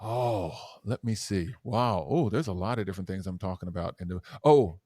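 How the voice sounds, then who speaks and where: A man who is a guest educator and speaker on a podcast interview, talking in an animated, demonstrative way that swings between loud and soft. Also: sits low, normal speed, few pauses, no room sound, clean studio sound.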